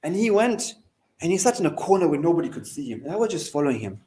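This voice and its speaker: A man's voice: fairly high pitch, sing-song, fast, mellow, rough recording. A man, a shaykh giving a sermon, telling stories as his volume and pace rise and fall. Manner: storytelling, rising and falling in volume and pace. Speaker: shaykh giving a majlis lecture. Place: mosque hall.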